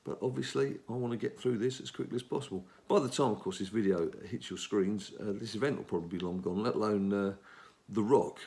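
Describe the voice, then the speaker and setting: A man's voice: lowish voice, brisk, creaky, few pauses, darkish tone. A middle-aged English man giving casual commentary on a mobile game he is playing, rambling and talking to himself as he plays. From England. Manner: chatty, rambling, talks to himself while playing. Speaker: gaming channel host.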